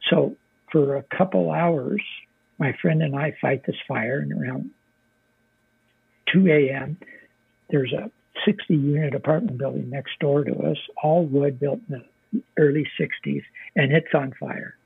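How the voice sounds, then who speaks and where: Older man, gravelly, husky, plainspoken veteran storyteller, swears freely, thin phone-like sound. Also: on the high side, measured pace, no room sound. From United States. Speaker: guest, military veteran. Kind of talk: casual interview storytelling. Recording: dry, phone-like narrow sound.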